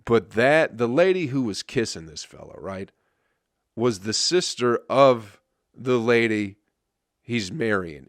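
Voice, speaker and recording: A comedian rambles through a profane story on his own podcast, laughing now and then at how absurd it all was. His voice sits at an ordinary middle pitch for a man, and the recording is close and dry with no room sound. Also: dry recording. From Flint, Michigan. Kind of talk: casual storytelling monologue.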